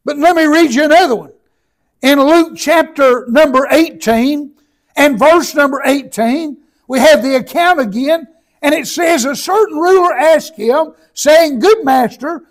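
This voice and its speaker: A man preaching a sermon, reading scripture aloud slowly and breaking into shouts for emphasis, with many repeated words and filler sounds. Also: very high voice, poor audio.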